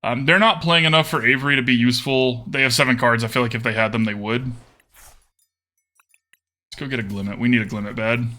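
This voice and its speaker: A man's voice: mid-range voice, fairly even intonation, brisk, pauses often, pushed and bright. A man streaming a card game, thinking aloud about his plays and chatting casually with viewers.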